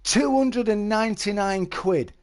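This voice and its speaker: A middle-aged man with a high-sitting, darkish voice talks a little slowly. He's chatting casually with viewers on a live stream, telling stories in a chatty way and calling his listeners "mate."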